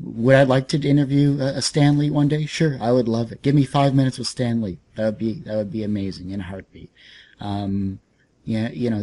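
A man's voice: medium pitch, warm tone. A young man hosting a comics podcast interview, talking casually with lots of fillers and restarts. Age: young adult. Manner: hesitant, many fillers and restarts. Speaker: podcast host.

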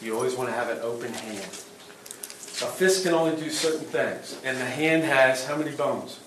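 A middle-aged man teaching a self-defense workshop, plain and practical, asking the class quick questions. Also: mid-range voice. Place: event hall. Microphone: distant room mic. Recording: echoey hall from far off, faint noise.

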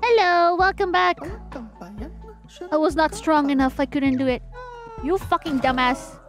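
A young woman streaming a game, swinging between mock-solemn eulogies and loud panic. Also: high voice, unhurried. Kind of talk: live game stream commentary. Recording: game music playing behind.

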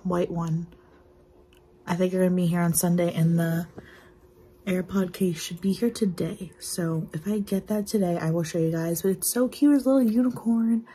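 A woman's voice: lowish voice, steady tone, normal speed, mellow, slightly rough, rough recording. A young woman in her twenties chatting casually in a home vlog, bubbly and rambling with lots of fillers. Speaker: vlogger. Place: at home, indoors.

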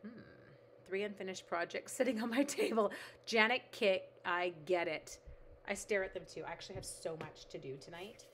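Speaking at a moderate pace in a mid-range, fairly bright voice, this middle-aged craft streamer makes cards while chatting casually. There's a little hiss or hum on the recording. She reads viewer comments aloud and addresses her materials as she works.

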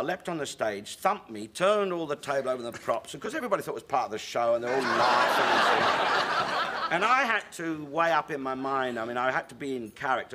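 A middle-aged English man, a comic actor and chat show guest, telling stage stories with animated character voices. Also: medium pitch, a little hiss or hum. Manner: lively raconteur slipping into character voices. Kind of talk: anecdotal chat show storytelling.

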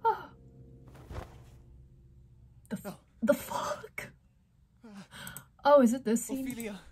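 A woman's voice: high-pitched, animated, slow pace, darkish tone. A woman playing a video game, reading its text aloud with drama and breaking off with surprised exclamations. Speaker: gamer.

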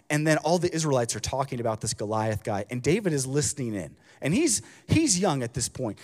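A youth pastor preaching a sermon, telling a story in an animated, casual way with slang. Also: male voice, a little high. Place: church auditorium. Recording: long hall reverb.

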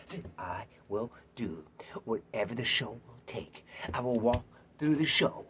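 A man recording his own audition pitch, theatrical and playful, rhyming and joking, swinging from shouts down to whispers. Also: expressive, measured pace, breathy edge. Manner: rhyming, playful, self-mocking. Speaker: actor auditioning. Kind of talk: self-tape audition pitch.

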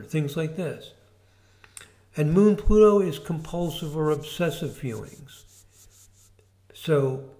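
A man giving an informal video lesson as an astrology teacher, explaining in a relaxed way with fillers and restarts. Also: on the high side.

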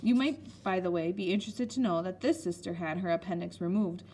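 Woman audiobook reader, relaxed storybook narration. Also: on the low side, a little hiss or hum. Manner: unhurried reading with small slips.

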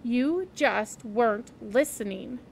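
A woman's voice: a little high, animated, takes it slowly, creaky, exaggerated voice. A woman voicing an earnest, polite ten-year-old schoolgirl who speaks eagerly and scolds when needed.

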